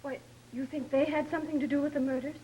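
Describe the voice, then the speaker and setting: A woman as a scared young woman, timid, anxious, high voice, 1930s film, faint hiss. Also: fairly even intonation, fast talker, warm tone, lightly acted, poor audio. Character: frightened young woman wanting to leave.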